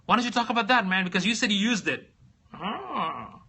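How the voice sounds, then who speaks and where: A man hosts a casual live stream, rambling and thinking aloud as he searches, reading viewer comments and responding. His voice is high-pitched, rapid-fire, bright and forceful.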